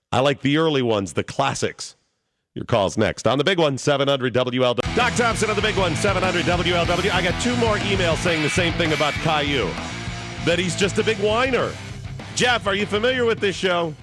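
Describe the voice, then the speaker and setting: A man's voice: fairly high pitch, normal speed, music in the background. A man hosting a talk radio show, joking and chatty with callers and guests. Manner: animated, joking.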